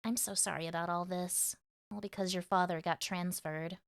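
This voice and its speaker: A fretful middle-aged mother from a game, grumbling about her family in a lower, subdued voice, as a woman reads her part. The read is plain and natural rather than heavily acted. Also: fairly even intonation, normal speed, gravelly, slight background noise. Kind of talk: reading game dialogue aloud.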